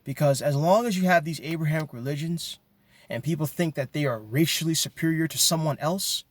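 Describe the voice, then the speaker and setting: A man's voice: a little high, fairly quick, dry recording. A man delivering an impassioned monologue to his viewers, emphatic and ranting, often repeating words as he gets worked up. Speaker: video commentator.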